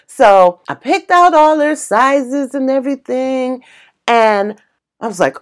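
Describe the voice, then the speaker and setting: A woman's voice: sits high, a little slow. A woman casually telling a personal story with emotion, exclaiming and acting out what people said. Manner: animated, exclaiming, acts out quoted voices; emotional, tearful retelling.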